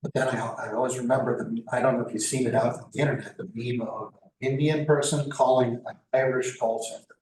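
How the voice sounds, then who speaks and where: A man's voice: mid-range voice, fairly even intonation, brisk, darkish tone. A man in a workshop audience speaks casually, with a few hesitations along the way. He is picked up from far off in an echoey room. A faint background hum sits under his voice. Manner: conversational, with light hesitations. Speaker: workshop participant. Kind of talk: casual chat. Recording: echoey room, distant mic, faint room noise.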